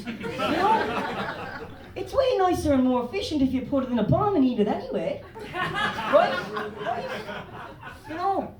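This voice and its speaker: Rambling Irish comedian in a roomy club. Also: male voice, very high voice, big pitch swings, moderate pace, a crowd in the background. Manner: rambling, loose, swearing. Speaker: stand-up comedian. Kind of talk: stand-up comedy set. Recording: roomy club, distant mic.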